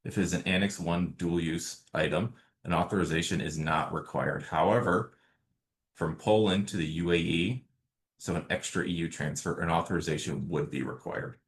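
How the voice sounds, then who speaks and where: Low-voiced man giving a legal webinar. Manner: measured, explains slide by slide. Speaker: lawyer presenting a webinar. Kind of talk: prepared legal presentation. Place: remote setting, webinar.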